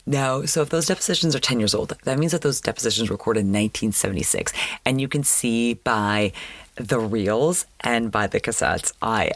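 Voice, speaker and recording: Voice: mid-range voice, moderate pace, no room sound. A podcast host giving a chatty, wry recap of a TV episode and repeating words for emphasis. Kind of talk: casual recap commentary.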